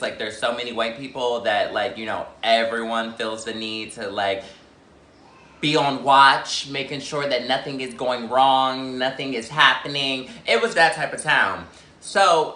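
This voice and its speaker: A chatty man tells a storytime vlog with a bright, forceful voice. He fills his sentences with "like" as he retells the events, and the room around him echoes noticeably. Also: mid-range voice. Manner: chatty, heavy "like" fillers, animated retelling. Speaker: YouTuber.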